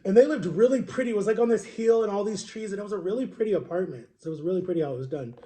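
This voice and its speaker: A young man with a noticeably high voice chats through a long personal story for his vlog. He rambles and circles back, peppering his telling with "like" and "right?" as if talking to friends. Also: rapid-fire, mellow, a little hiss or hum. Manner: chatty, rambling retelling full of "like" and "right?". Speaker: vlogger. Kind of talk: casual storytelling to camera.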